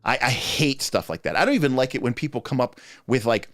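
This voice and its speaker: A man's voice: mid-range voice, sing-song, brisk, a bit bright, no room sound, soft background music. A man hosting a livestream, talking casually in a rambling, chatty way that often breaks off mid-thought. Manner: rambling, chatty, self-interrupting. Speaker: host answering game master questions.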